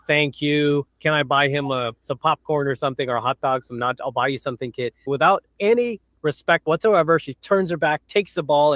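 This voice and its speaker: A man's voice: fairly bright tone, no room sound, clean studio sound. Blunt man telling stories on a livestream. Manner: blunt storytelling, jumps into high shrill voices to mimic people. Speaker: livestream host. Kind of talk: casual chat.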